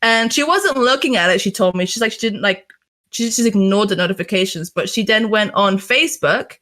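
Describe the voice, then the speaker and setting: A woman's voice: medium pitch, fairly quick, sharp tone. Chatty young woman telling a story. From United Kingdom. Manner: chatty storytelling, heavy fillers, swears freely. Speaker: interview guest, streamer. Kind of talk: casual chat.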